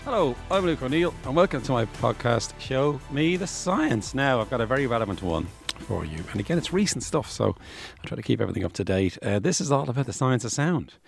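A man with a booming voice, hosting a science podcast in a rambling, chatty way. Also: very animated, brisk, creaky, faint music behind. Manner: rambling, chatty, conversational with restarts. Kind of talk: casual explanatory podcast talk. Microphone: studio microphone.

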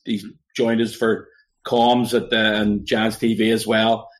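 A man's voice: on the low side, flat delivery, a little slow. A man, co-hosting a casual sports podcast and telling anecdotes with frequent fillers. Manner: storytelling, chatty, with filler words. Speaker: podcast co-host. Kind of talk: casual chat.

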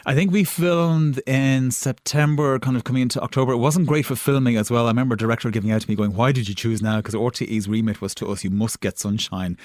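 Fast-talking Irish man telling anecdotes. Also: mid-range voice, darkish tone, no echo, studio quality. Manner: rambling, with many restarts and fillers. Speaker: guest, television maker. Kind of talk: casual anecdotal chat.

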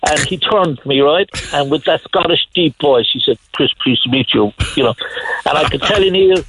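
A man's voice: on the high side, fairly quick, background noise. A man calling in to a radio show, rambling through anecdotes with lots of restarts and chuckles. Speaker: caller. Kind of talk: casual anecdotes on a radio phone-in.

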